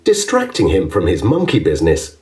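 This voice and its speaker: A man narrating a children's storybook in an expressive, measured way. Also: deep voice. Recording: distant, with background music.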